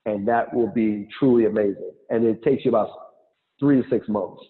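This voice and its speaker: A man giving a lively motivational talk as a guest speaker on an online call, acting out quotes as he goes. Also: lowish voice, moderate pace. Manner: animated, acts out quotes, laughs. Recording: tinny phone-like call audio.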